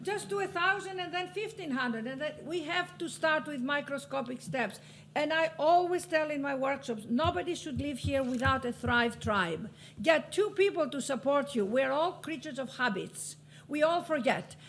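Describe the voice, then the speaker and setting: A woman's voice: sits high, animated, normal speed, a bit bright, a little hiss or hum. A middle-aged woman from Greece giving an impassioned motivational talk on a panel, exhorting the audience and sometimes laughing at her own lines. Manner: passionate, preachy, laughing asides. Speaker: panelist and author.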